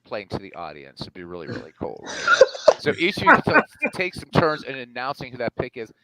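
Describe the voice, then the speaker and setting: A man hosting a casual online draft chat, animated and joking. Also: mid-range voice, fairly quick, crowd noise, poor audio. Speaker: draft host.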